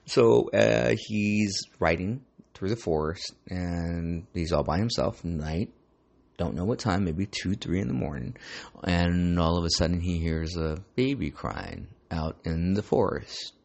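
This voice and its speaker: A man's voice: low-pitched, a little slow, vocal fry, darkish tone. A man hosting a podcast, telling a family ghost story in a rambling, profane, slangy way. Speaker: podcast host. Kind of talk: casual storytelling chat.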